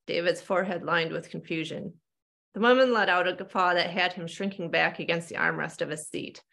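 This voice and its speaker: A woman narrates her own novel in a steady, measured way, her voice lowish and gravelly. She reads over a video call. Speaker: author reading her book. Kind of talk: fiction reading aloud.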